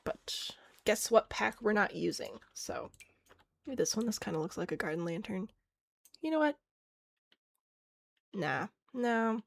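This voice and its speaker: Chatty woman streamer with vocal fry. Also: medium pitch, sing-song, normal speed. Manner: chatty, thinking aloud, answering chat; self-mocking, laughs easily. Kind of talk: casual live-stream chat while playing.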